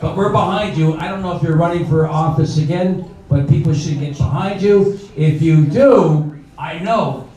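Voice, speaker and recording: A man's voice: fairly high pitch, normal speed, dark tone. A man in his late seventies hosting a comedy benefit on stage, in a rambling, folksy way full of fillers. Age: older. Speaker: emcee. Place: bar venue. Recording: echoey bar, far mic, crowd noise.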